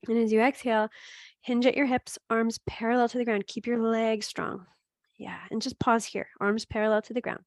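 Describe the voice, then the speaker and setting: A woman teaching a gentle yoga class, giving steady cues with chatty asides and laughing at her own slips. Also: on the high side, moderate pace, no echo, studio quality. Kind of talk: guided yoga class instruction.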